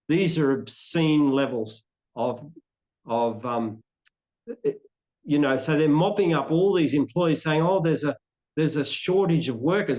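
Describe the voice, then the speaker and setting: Opinionated Australian man, dull lo-fi audio. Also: a little high. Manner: opinionated, rambling with frequent restarts. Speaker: interview guest. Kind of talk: conversational interview.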